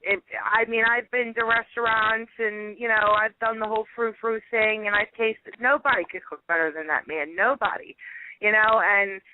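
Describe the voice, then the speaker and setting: A woman's voice: mid-range voice, moderate pace. A talkative woman with a strong Philadelphia accent, calling in to a radio show. Her voice comes through a tinny, narrow phone line with a faint hiss underneath. She tells stories with lots of energy and laughter. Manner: animated storyteller, laughs often, lots of "you know" and "like". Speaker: guest, home cook.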